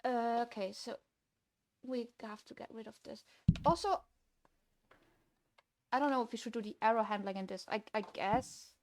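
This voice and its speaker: A woman's voice: on the high side, moderate pace. A young woman streaming her game development, talking to herself while she codes, swinging from frustrated to gleeful. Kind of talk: casual livestream commentary while coding.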